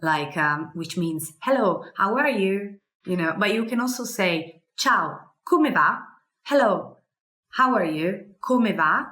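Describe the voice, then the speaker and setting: A woman's voice: medium pitch, expressive, takes it slowly, pushed and bright, echoey room. A woman with an Italian accent, a native Italian speaker, teaching phrases in a casual lesson with many fillers. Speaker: language teacher. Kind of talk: language lesson.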